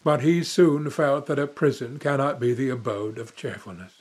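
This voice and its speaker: A man's voice: medium pitch, moderate pace, a little mellow, breathy edge. A young man narrating a classic novel in first person with dramatic, emotive delivery. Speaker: audiobook narrator.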